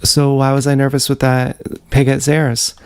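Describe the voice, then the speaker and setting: A man talking in a rambling, confessional livestream monologue, full of halting restarts, on an action camera with faint noise behind. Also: mid-range voice, completely flat delivery, darkish tone, smooth.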